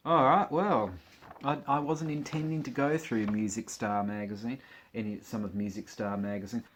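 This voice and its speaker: A man's voice: lowish voice, fairly even intonation, normal speed, a little hiss or hum. A man, chatting casually as a vlogger, joking and laughing to himself as he leafs through an old magazine. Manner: chatty, giggly, joking asides while leafing through a magazine. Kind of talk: casual chat.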